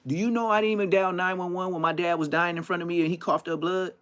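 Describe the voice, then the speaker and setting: A man hosting his podcast in a loud, rambling, profane rant. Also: high voice, fairly even intonation, fast talker. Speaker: podcast host. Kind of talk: casual ranting podcast monologue.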